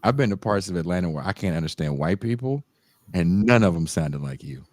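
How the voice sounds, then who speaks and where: Deep-voiced man, lively podcast chat. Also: brisk, no echo. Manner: animated storytelling, mocking voices and laughing. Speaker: podcast co-host. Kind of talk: casual chat.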